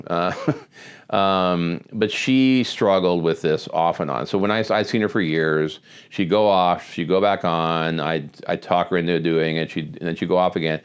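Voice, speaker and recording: Low smooth-voiced male physician. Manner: conversational storytelling with many restarts. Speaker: physician host. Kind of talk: casual talk to camera.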